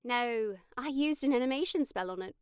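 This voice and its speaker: A woman's voice: a little high, expressive, normal speed, clear, resonant tone, no echo, close to an everyday voice. A woman voicing a wry female mage who is fond of pranks, in dry, amused audiobook dialogue.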